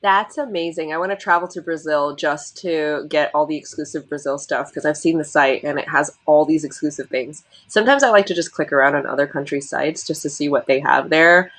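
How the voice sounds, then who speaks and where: A woman's voice: low voice, fairly quick, hardly any pauses, fairly bright tone, no room sound. A woman hosting a live stream in a bubbly, casual way, laughing often.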